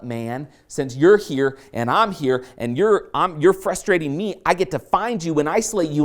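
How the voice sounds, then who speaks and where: A man teaching an online course lesson through a story, animated and playful, acting out his own reactions as he goes. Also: on the high side. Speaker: course instructor.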